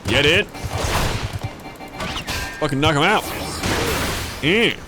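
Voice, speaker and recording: A man's voice: fairly high pitch, animated, takes it slowly, over music. Joking young man commenting on a game. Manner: joking, swearing, rambling asides. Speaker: streamer. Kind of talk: casual gameplay commentary.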